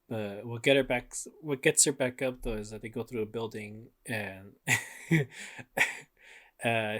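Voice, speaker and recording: A man co-hosting a podcast, chatting casually in a laid-back, rambling way with lots of fillers and swearing. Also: medium pitch. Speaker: podcast co-host. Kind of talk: casual chat.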